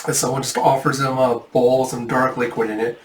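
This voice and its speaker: A man in a casual comic readthrough, lively and chatty as he narrates the panels. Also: mid-range voice, brisk, slight background noise. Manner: lively, chatty, jumps into character voices. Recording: roomy, mic at a distance.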